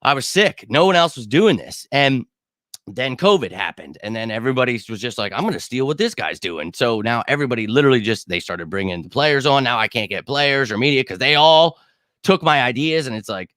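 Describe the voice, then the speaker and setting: A man's voice: medium pitch, expressive, fairly quick, fairly bright tone, no echo, studio quality. Profane, fired-up male sports streamer. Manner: heated, profane, swaggering; answers live chat comments. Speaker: sports show host. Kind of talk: casual livestream rant.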